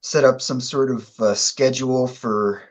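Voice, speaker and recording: Halting man, dull muffled sound. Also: mid-range voice, fairly even intonation. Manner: halting, restarts sentences. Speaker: podcast guest. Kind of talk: casual chat.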